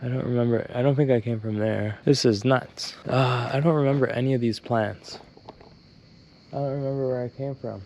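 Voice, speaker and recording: A young man filming himself on an action camera while he walks hillside streets at dusk, talking to it in a rambling, joking way. His voice sits at an ordinary middle pitch. Faint crickets chirp behind him. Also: fairly even intonation, moderate pace, darkish tone, a little hiss or hum. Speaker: travel vlogger. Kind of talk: casual vlog talk to camera. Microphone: handheld action camera.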